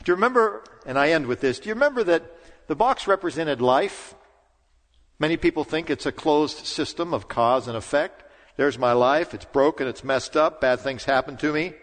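A man's voice: on the high side, fairly bright tone. Man preaching in a reverberant church. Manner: earnest, pausing for emphasis. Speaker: pastor. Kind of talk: sermon. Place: church sanctuary.

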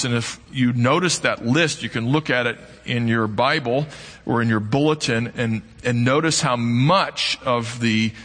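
Bright-voiced man preaching in a hall. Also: medium pitch, breathy edge. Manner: earnest, emphatic preaching with dramatic pauses. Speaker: pastor. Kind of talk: sermon. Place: church sanctuary.

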